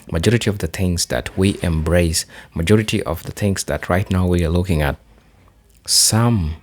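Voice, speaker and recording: Kenyan man, very deep voice, speech-style delivery. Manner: oratorical, repetitive emphasis. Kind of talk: motivational address.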